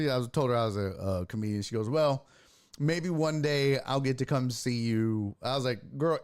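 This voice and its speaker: A man hosting a sports podcast, telling a story casually and acting out the people in it, with lots of swearing. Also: mid-range voice. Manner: animated, profane, acts out voices in his anecdotes.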